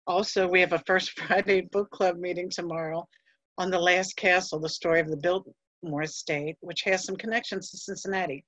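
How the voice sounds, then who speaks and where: A woman's voice: on the low side, steady tone, moderate pace, fairly bright tone, no room sound, muffled recording. A woman librarian presenting library resources on a museum livestream, then chatting in a friendly way with a colleague. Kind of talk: presenting a talk, then casual discussion.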